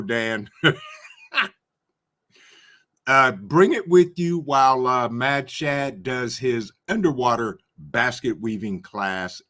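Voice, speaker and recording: A man with a medium-pitched, sharp voice hosts a casual livestream and reads viewer comments aloud. He greets each commenter by name and chuckles often.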